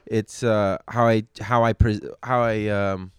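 Low-voiced comedian rambling on a podcast. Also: male voice, level tone, measured pace, clear, resonant tone, no room sound. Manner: rambling, frequent restarts and cursing. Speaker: stand-up comedian. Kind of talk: casual podcast chat.

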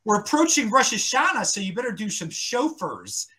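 A man's voice: high voice, normal speed. A man from Baltimore County with a Baltimore accent, talking as a podcast guest in opinionated casual chat, rambling and restarting his sentences. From Baltimore County, Maryland. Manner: rambling, animated, repeats words and restarts.

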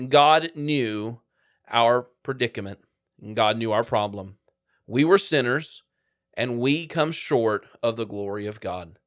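A man's voice: medium pitch, a bit bright, no room sound, clean studio sound. A man preaching a sermon, earnestly quoting scripture and pressing his listeners with questions. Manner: earnest, emphatic, quoting scripture in King James wording.

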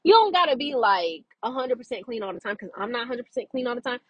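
A woman's voice: a little high, very animated, fast talker, a little hiss or hum, rough recording. A young woman, chatting animatedly to camera, full of fillers and laughs. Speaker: vlogger. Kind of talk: casual chat to camera.

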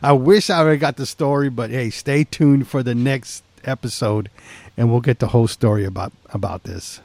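A man's voice: medium pitch, moderate pace, a little mellow, no room sound. A man co-hosting a podcast in casual chat, rambling and laughing often. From San Antonio, Texas. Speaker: podcast co-host.

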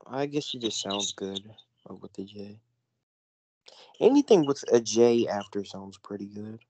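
A man's voice: on the low side, big pitch swings, measured pace, darkish tone, poor audio. Young man, casual chat, slangy, joking, scattered. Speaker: podcast co-host.

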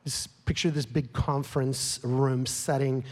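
A man's voice: mid-range voice, level tone, measured pace. A man preaching a sermon as a pastor, telling a story with rising emotion and growing heat. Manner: emotional, grows louder and more heated, whispers at times. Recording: long hall reverb.

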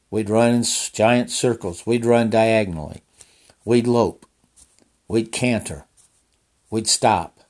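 A man's voice: lowish voice, a little mellow. A man casually telling a personal story in a folksy, rambling way with restarts and asides.

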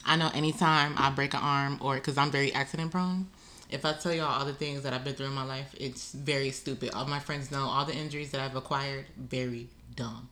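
Low-voiced woman, teasing podcast chat. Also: fairly even intonation, a little fast, sharp tone. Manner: playful, teasing, swears freely. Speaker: podcast co-host. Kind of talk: casual chat.

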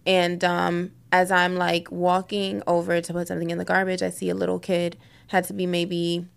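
A woman tells a story in relaxed podcast chat. Her voice is low, gravelly and smooth, and she acts out the lines of the people in it. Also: moderate pace. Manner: storytelling, animated quoting of others. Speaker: podcast co-host. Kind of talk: casual chat.

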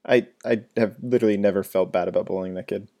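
A man's voice: lowish voice, quick pace. A man in casual podcast chat, telling stories and mimicking other people's voices. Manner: animated storytelling, mimics others in raised voice. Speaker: podcast co-host.

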